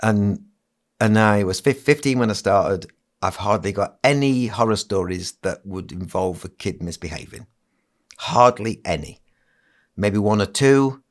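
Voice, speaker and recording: A man in his sixties, a children's entertainer, telling stories on a podcast in a lively way and acting out what other people said. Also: lowish voice, a little slow. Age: 60s. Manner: animated storyteller who acts out other people's lines. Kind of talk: casual anecdote telling on a podcast.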